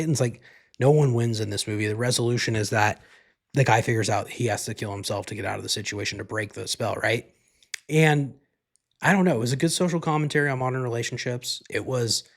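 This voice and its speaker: On his solo podcast, a man with a lowish but fairly bright voice recaps a movie in a loose, meandering way. His manner is laid-back, packed with "like," and he swears without restraint.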